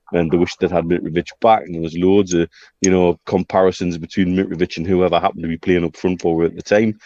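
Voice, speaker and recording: A man co-hosting a football podcast, talking in a measured way with many fillers and restarts, on a dull, dry recording. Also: sits low, mellow. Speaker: podcast co-host. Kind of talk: casual football chat.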